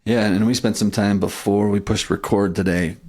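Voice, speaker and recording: Man, low voice, podcast co-host, casual history chat, thoughtful, restarts often. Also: fairly even intonation, normal speed, a little mellow. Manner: thoughtful, frequent restarts and "right?" checks.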